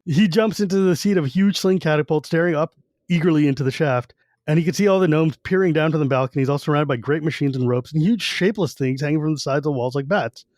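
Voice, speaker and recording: Podcast co-host, male, slightly high voice, dry close mic, chatty retelling with offhand character asides. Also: darkish tone, no echo. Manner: retells scenes loosely with quick put-on character quotes. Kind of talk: casual book-discussion podcast.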